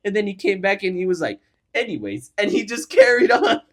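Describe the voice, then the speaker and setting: Over a noisy crowd, a young podcast co-host tells a story in brisk, high-pitched casual chat. Animated and swearing often, he performs the quotes of the people involved.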